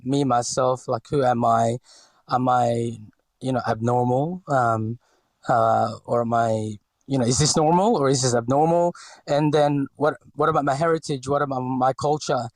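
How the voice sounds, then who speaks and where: A man's voice: mid-range voice, dry recording. A man in his forties from the Philippines with a light Filipino accent, talking as a podcast guest in a hesitant way with many fillers and restarts. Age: 40s. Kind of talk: podcast interview.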